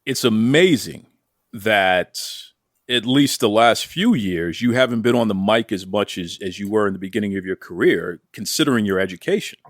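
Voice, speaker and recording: A man's voice: fairly low pitch, expressive, normal speed, no room sound. A man hosting a wrestling interview show, asking questions in a playful, teasing way. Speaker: podcast host.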